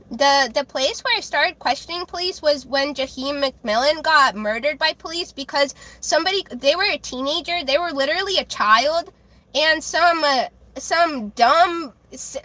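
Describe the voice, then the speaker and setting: A woman livestreaming, ranting angrily to her chat, with halting restarts and repeated words. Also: high-pitched, pushed and bright, dry recording. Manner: angry, heated ranting with swearing.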